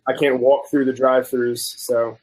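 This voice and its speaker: A man guest on a chat show, telling a story in a casual, animated way and acting out the quoted people. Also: mid-range voice, normal speed, rough recording. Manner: animated, acts out both sides of quoted dialogue. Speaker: guest food reviewer.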